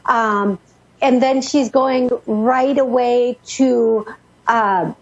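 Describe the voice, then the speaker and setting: A high-voiced woman with a husky, breathy tone channels messages for a caller, hurrying and restarting her sentences as the words tumble out. The sound is dull and lo-fi, like an old radio broadcast. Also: steady tone. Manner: rushed, breathless relaying with many restarts. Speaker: psychic medium radio host.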